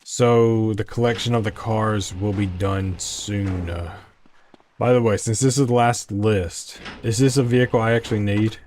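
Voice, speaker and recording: A man with a lowish, darkish voice talks at a normal speed with fairly even intonation, and there's a little hiss or hum. He's casually commenting on a video game as he plays, rambling and asking himself questions in a chatty let's-play style.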